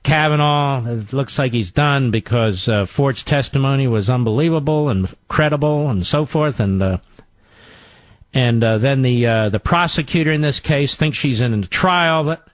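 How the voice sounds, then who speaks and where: A man's voice: medium pitch, moderate pace, no room sound. A man hosting a talk show, delivering a combative political monologue with sarcastic, mocking asides.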